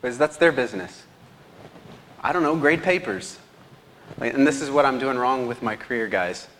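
A man's voice: mid-range voice, expressive, moderate pace, a bit bright, a little hiss or hum. Young guy preaching, self-deprecating storyteller, long echo in a big hall. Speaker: lay preacher, teacher. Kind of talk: sermon. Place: church hall.

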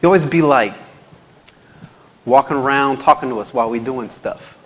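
A man's voice: mid-range voice, normal speed, fairly bright tone, close to an everyday voice. A young adult man voicing a blunt, streetwise teenage boy from his class. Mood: matter-of-fact. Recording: long hall reverb.

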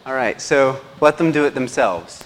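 A man's voice: medium pitch, lively intonation, normal speed. A man who is a teacher, giving a casual slide presentation and checking in with his listeners often. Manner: chatty, checks in with the audience a lot. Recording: long hall reverb, faint background noise.

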